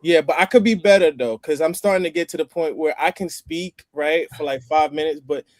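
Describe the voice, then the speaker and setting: A man's voice: a little high, a little fast, no room sound, studio quality. A man hosting a casual roundtable chat, chatty and explaining phrases step by step. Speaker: host.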